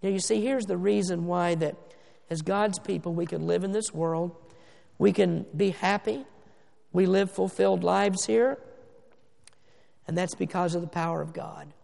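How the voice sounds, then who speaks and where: A male pastor delivers a sermon in a high, deeply gravelly voice. He presses his points hard, drawing words out for stress and dropping from loud declarations to near-hushed asides. His voice rings with the long reverb of a church hall. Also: fairly even intonation. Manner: emphatic, slows down for stress, swings between loud and hushed. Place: church sanctuary.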